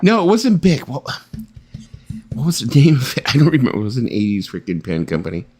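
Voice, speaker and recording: A man's voice: mid-range voice, a little fast, breathy edge. A man hosting a casual late-night live-stream chat who jokes around and laughs a lot. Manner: joking, laughs often, animated. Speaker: host.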